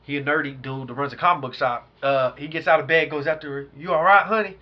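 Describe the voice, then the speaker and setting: A man's voice: mid-range voice, fast. A man co-hosting a casual podcast, telling stories in slangy talk and acting out the quotes. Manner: animated storyteller, slangy, acts out quotes. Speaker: podcast co-host. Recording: dull lo-fi sound.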